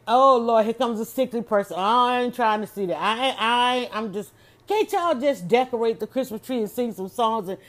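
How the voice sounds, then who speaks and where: A woman chatting casually on her own, animated and exclamatory, often restarting her sentences. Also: a little high. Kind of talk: casual solo chat.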